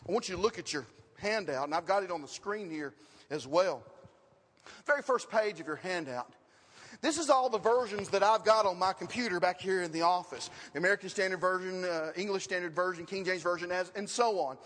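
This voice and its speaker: A man's voice: sits high, a little fast, a bit bright. A man preaching a sermon and teaching his congregation, with questions and emphatic repetition. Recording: long reverb of a hall.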